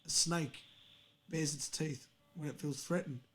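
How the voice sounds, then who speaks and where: A young man hosting a livestream, talking in a rambling, sweary, excitable way. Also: on the high side, unhurried, soft background music. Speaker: livestream host. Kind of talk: casual livestream chat.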